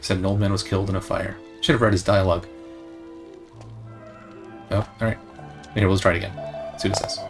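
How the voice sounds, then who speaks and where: A man's voice: low-pitched, level tone, a little fast, pauses often. Jokey man commentating a game. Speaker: let's play host. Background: faint game music.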